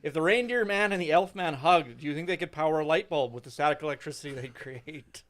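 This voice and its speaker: A male co-host on a live podcast with a voice a little higher than usual. He reads listener comments aloud and puts questions to the guest in a loose, chatty way. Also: quick pace, a bit bright. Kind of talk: casual live podcast banter.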